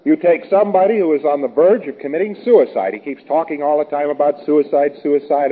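A man with a slightly raised pitch gives an informal lecture, wry and anecdotal as he rambles from point to point. The sound is thin and boxy, squeezed into a narrow phone-like band like an old tape. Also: normal speed, slight background noise.

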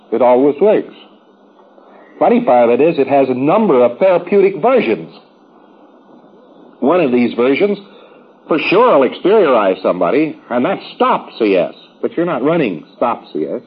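A man's voice: medium pitch, breathy edge, narrow, tinny audio. A man giving a rambling, folksy, informal lecture to trainees, with wry asides.

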